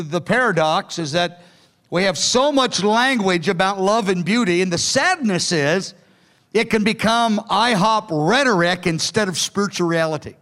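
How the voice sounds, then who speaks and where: A man's voice: sits high, fairly bright tone. A man preaching a sermon in an earnest, pleading way, sometimes acting out quoted lines. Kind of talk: sermon teaching from notes.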